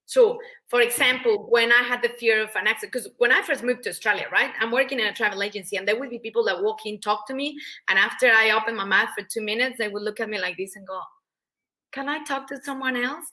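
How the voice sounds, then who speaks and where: Bright Mexican-accented woman, emphatic. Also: fairly high pitch, quick pace. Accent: Mexican Spanish. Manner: energetic, emphatic, acts out quoted voices. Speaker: guest. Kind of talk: animated interview talk.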